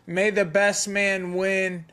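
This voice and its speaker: A man hosting a podcast interview, wrapping up with halting, flustered remarks. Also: high-pitched, little pitch movement, fairly bright tone. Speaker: host.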